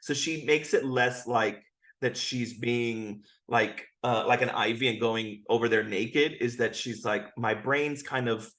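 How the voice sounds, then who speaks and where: A man's voice: medium pitch, fairly even intonation, a little slow, fairly bright tone. A man who is a guest co-host in casual podcast chat, playful with jokey asides.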